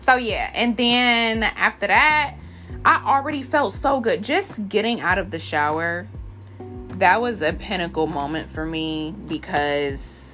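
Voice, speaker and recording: A young woman vlogging in a casual, expressive and slangy way, laughing often as she talks. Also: mid-range voice, measured pace, faint music behind. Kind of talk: casual chat.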